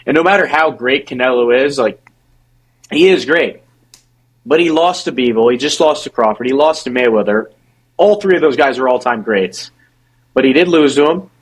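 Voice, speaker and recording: Husky young man in heated sports talk. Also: mid-range voice, expressive, poor audio. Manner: fast, halting, repeats words when restarting. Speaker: podcast co-host. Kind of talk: casual sports debate.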